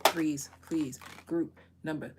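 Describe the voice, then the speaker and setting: A woman's voice: low voice, steady tone, takes it slowly, heavy background noise. Rambling, joking woman tarot reader. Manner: chatty, rambling, swears freely and laughs at own jokes. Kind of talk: casual live-stream tarot reading.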